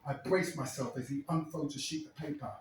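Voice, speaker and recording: A man's voice: a little high, steady tone, fairly quick, slight background noise. A man performing a crude, wry monologue as a storyteller in a live one-man show. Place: stage at a live club. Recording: echoey room, mic far off.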